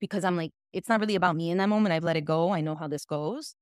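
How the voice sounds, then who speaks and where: A woman with a fairly low voice chats as a podcast guest, slipping between English and Spanish mid-sentence. She acts out other people's remarks with sudden jumps up in pitch. The sound is close and dry, with no room echo. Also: very fast, a little mellow. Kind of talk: casual interview chat.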